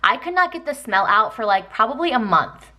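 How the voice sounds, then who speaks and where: A woman's voice: a little high, very animated, a little fast, bright, forceful tone. A woman in her thirties from Texas, chatting casually through a planner flip-through with lots of ums and likes. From Texas, United States. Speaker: planner vlogger.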